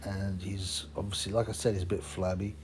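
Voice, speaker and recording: A man's voice: low voice, level tone, a little fast, a little mellow, a little hiss or hum. Rambling opinionated man. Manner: rambling, opinionated, many fillers and restarts. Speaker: boxing channel host. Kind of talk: casual monologue.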